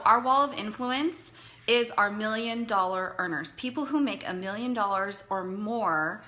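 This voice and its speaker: Woman, direct sales leader, motivational talk, earnest, conversational, crisp bright tone. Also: medium pitch, a little slow. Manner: earnest, conversational, repeats for emphasis.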